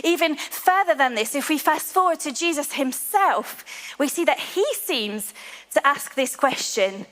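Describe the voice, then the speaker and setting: High-voiced woman preaching in a reverberant hall. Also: expressive. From England. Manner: earnest, slows to a hush on key lines. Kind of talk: sermon. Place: large church hall.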